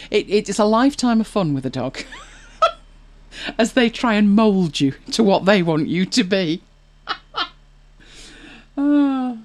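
A woman's voice: mid-range voice, a little mellow. A woman hosting a casual chat show, telling anecdotes and reading viewer comments with frequent laughs. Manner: chatty, anecdotal, laughs often. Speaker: podcast host.

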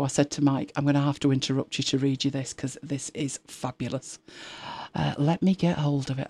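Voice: mid-range voice, a little mellow, no room sound. A host of a tech live show chatting casually, rambling with frequent restarts and exasperated asides. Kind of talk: casual chat.

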